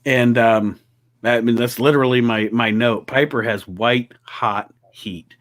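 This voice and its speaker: A man's voice: mid-range voice, steady tone, a little slow, fairly bright tone. A man co-hosting a casual podcast chat, emphatic and prone to swearing and restarting his sentences. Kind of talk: casual chat about wrestling.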